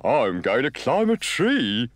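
A man voicing a mild, slightly glum male caterpillar for a storybook record, speaking slowly and wistfully. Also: mid-range voice, huge pitch swings, no room sound, voice pushed up, exaggerated voice.

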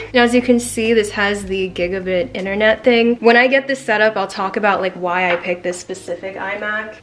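A woman's voice: on the high side, echoey room, slight background noise. A young woman chatting in a casual unboxing vlog, bubbly and giggly with lots of fillers. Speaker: vlogger. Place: home room with a desk.

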